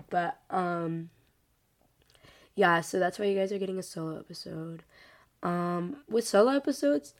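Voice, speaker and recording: Sick-sounding teen girl podcast host. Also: lowish voice. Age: late teens. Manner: rambling, heavy use of "like" fillers. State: sick, congested voice. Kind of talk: casual solo podcast chat.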